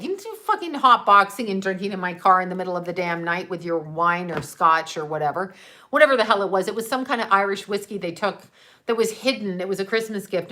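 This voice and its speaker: A middle-aged woman casually telling a story, brash and animated, swearing freely and often laughing mid-sentence. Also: fairly low pitch. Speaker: mother and channel host.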